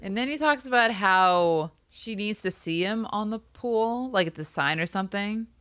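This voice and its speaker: Bright-voiced woman chiming in on a recap. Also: medium pitch, lively intonation, moderate pace. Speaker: podcast co-host. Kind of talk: casual TV recap chat.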